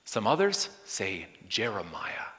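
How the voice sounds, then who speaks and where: A man preaching a sermon, swinging from loud exclamations to hushed whispers. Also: lowish voice, huge pitch swings, slow. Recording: long hall reverb.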